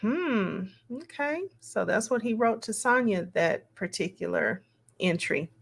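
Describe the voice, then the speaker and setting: Slow, musing woman reading messages aloud. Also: mid-range voice, animated, creaky, husky. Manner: slow, musing, reads quotes aloud with asides. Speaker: commentator reading text messages. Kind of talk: casual read-aloud commentary.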